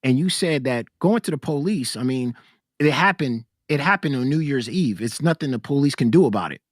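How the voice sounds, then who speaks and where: A man's voice: medium pitch, animated, a little fast, dry recording, clean studio sound. A man arguing hard in a casual debate, confrontational, repeating himself to cut others off.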